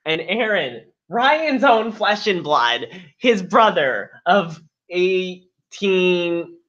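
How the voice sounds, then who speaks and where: A man's voice: high voice, sing-song, drawn-out words, fairly bright tone, muffled recording. A man co-hosting a live stream, clowning in a mock-dramatic, self-pitying tone. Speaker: co-host. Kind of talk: joking live stream chat.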